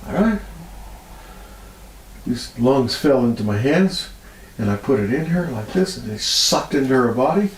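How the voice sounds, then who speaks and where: A man's voice: a little slow, long pauses, roomy sound, a little hiss or hum, rough recording. Man telling stories with feeling. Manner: animated storyteller, laughs often, voice rises high when moved. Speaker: healer guest. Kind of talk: storytelling interview.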